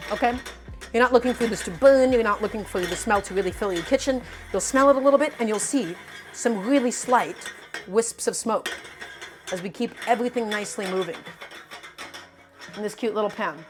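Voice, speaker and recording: A woman with a fairly high voice runs a live cooking stream from her home kitchen. She speaks with emphatic, animated energy, often repeating her instructions. Faint music plays softly underneath her voice. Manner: emphatic and animated, repeats herself, calls viewers "my friends". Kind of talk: live cooking demonstration, chatting with viewers.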